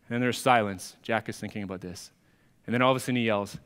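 A man's voice: fairly high pitch, big pitch swings, brisk, a bit bright, long reverb tail. A man preaching a sermon as a pastor, in a conversational, storytelling manner. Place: church sanctuary.

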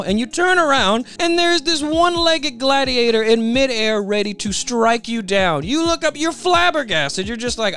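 A man's voice: very high-pitched, expressive, moderate pace, hardly any pauses, a bit bright, smooth, faint music behind. A man narrating a comedic recap in the second person, chatty and sarcastic, with frequent "okay?" asides.

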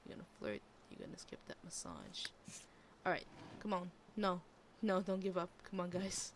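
A woman's voice: lowish voice, very animated, normal speed. A young woman giving casual gameplay commentary, swearing freely and playfully scolding the characters on screen. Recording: loud background noise.

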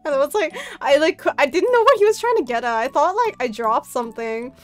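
A young woman with a high voice chats casually on her stream, spilling a story full of fillers and quick laughs. Faint music plays behind her. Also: expressive. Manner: chatty storytelling, many fillers, frequent laughing. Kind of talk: casual chat.

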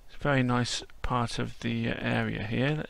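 Chatty man with a gravelly voice. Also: medium pitch, fairly even intonation, normal speed, fairly bright tone. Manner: chatty and whimsical. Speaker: host. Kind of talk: casual walkthrough narration.

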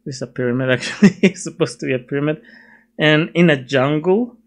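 A man's voice: a little high, brisk. A young man casually reviewing a film while sketching at his desk, chatty and self-mocking, laughing often. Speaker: video reviewer.

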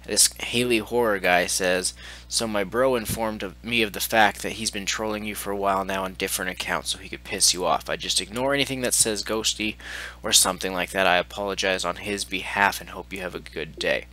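Fed up gamer dude ranting and cursing, lowish voice but bright and edgy. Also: male voice, steady tone, brisk. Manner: profane, exasperated ranting. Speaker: gaming video host. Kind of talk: angry commentary reading out messages.

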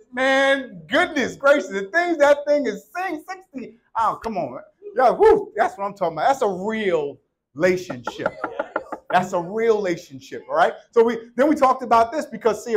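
A man preaching a sermon in a church, joking with the congregation and calling for responses. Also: very high-pitched. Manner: playful, conversational preaching with call-and-response. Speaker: pastor. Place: church sanctuary. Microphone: handheld or worn microphone.

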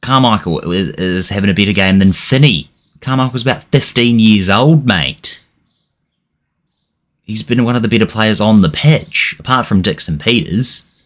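Young male game streamer, low voice, narrates matches and loses his temper at the team. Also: normal speed. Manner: frustrated, swearing, shouting at his players. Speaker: gaming channel host. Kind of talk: let's-play commentary.

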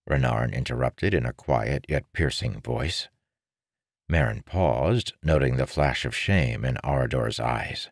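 A man with a very low, deep voice narrating a novel in a measured, even storytelling manner. The recording is dry and close, with no room sound. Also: vocal fry, no room sound. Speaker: audiobook narrator. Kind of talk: scripted narration.

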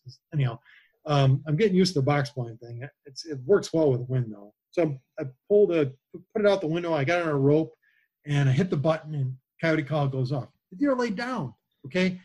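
A man appearing as a podcast guest, telling hunting stories in an animated way and acting out what people said. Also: a little high, husky, rough recording. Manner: animated storyteller who acts out quoted lines. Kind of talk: casual hunting chat.

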